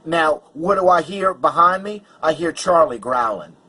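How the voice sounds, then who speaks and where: A man's voice: a little high, lively intonation, normal speed, pushed and bright, breathy edge, rough recording. A man vlogger telling a personal story in an agitated, emphatic way, stumbling over restarts. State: angry and worked up.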